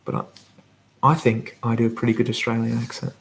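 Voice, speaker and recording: A man hosting a live whispered ASMR Q&A, talking softly and rambling as he reads out viewer comments. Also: medium pitch, level tone, brisk, vocal fry, a little hiss or hum. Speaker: ASMR channel host.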